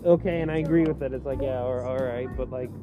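A man co-hosting a podcast, ranting in rambling, halting casual talk with plenty of swearing. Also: mid-range voice, fairly even intonation, over music. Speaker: podcast co-host. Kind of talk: casual chat.

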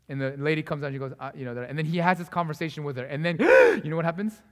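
A young man preaching a sermon as a pastor, telling the story in a casual, conversational way, acting out the people in it and dropping to hushed asides. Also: fairly high pitch, very animated, rapid-fire, few pauses. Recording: long hall reverb.

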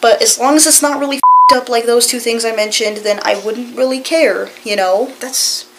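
A woman's voice: on the high side, moderate pace, very noisy. A woman vlogger in casual chat, rambling earnestly and reassuringly with many filler phrases.

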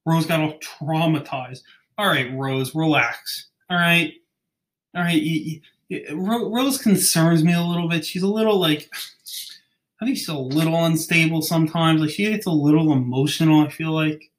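A man's voice: a little high, moderate pace. A young man hosting a podcast, chatting casually, rambling and ranting, often stumbling over names. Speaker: podcast host. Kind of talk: casual chat.

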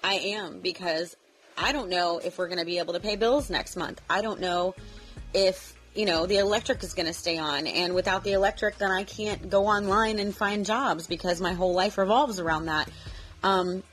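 A woman's voice: mid-range voice, moderate pace, a bit bright, faint music behind, rough recording. Chatty woman on a devotional vlog. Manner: emotional, close to tears while reading aloud; chatty, frequent fillers and restarts. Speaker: vlogger. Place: home. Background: vacuum running in another room.

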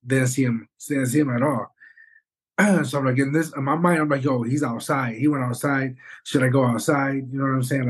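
A man co-hosting a podcast, telling a story in an animated, rambling way and swearing often. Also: medium pitch, slightly rough. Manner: animated, rambling, swears, says "bro" and "you know what I'm saying". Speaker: podcast co-host. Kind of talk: casual storytelling chat.

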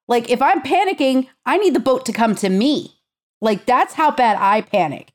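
A woman co-hosting a podcast, telling her side with animated exasperation and swearing freely. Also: medium pitch. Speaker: podcast co-host. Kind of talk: casual podcast chat.

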